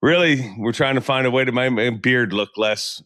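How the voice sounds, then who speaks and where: A man's voice: medium pitch, normal speed, pushed and bright. A man hosting a casual podcast chat, joking and rambling with lots of restarts. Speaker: podcast host and tournament emcee.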